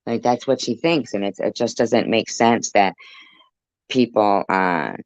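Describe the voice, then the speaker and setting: A woman hosting a casual live stream, relaxed and chatty, filling her sentences with "like" and "you know" as she relays the chat. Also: a bass voice, measured pace, no room sound. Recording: dull, slightly lo-fi sound.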